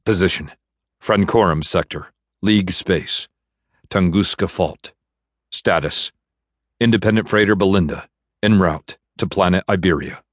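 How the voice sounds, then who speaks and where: A man narrating an audiobook in a measured, even storytelling manner, recorded in a studio. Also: sits low, no room sound. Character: bitter man navigator. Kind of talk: scripted narration. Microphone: studio microphone.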